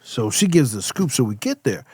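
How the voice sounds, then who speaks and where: A middle-aged man telling stories as a podcast guest, lively and acting out the people he quotes. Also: mid-range voice, moderate pace, husky, no room sound. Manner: animated storyteller, acts out quoted voices. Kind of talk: casual storytelling chat.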